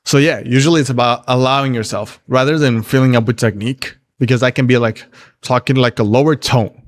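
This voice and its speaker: A man's voice: medium pitch, fairly even intonation, a little fast, dry recording. A man coaching on dating during a casual livestream Q&A, reading viewer questions aloud and answering in a blunt, profane, laid-back way.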